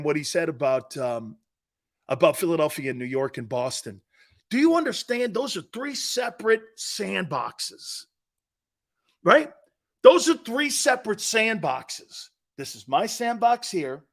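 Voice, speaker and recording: A middle-aged man hosting a sports talk show in casual chat, animated and loud at times, rambling and calling out to his crew. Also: high voice. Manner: animated, loud bursts, calls out to studio crew; rambling, repeats words and restarts.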